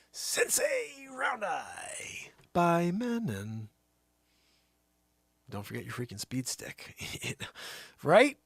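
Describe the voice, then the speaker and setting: A man hosting his own livestream and riffing an improvised comedy bit, lurching from loud outbursts down to near-whispers. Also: mid-range voice, gravelly, breathy edge, no room sound. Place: home studio.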